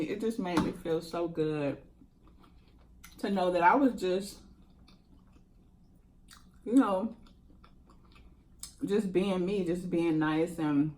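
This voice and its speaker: With a low, slightly mellow voice, a mukbang host from Jacksonville, Florida talks while she eats, laughing often in casual chat to the camera. The audio carries a faint hiss or hum.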